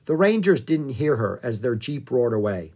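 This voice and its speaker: An audiobook reader narrating a children's book in an expressive, lilting way. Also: mid-range voice, moderate pace, breathy edge.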